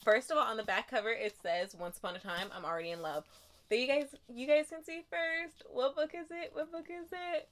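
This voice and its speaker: Bright-voiced gushing young woman. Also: sits high, brisk. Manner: gushing, emotional, swings from whispers to squeals. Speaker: book vlogger. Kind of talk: excited unboxing vlog.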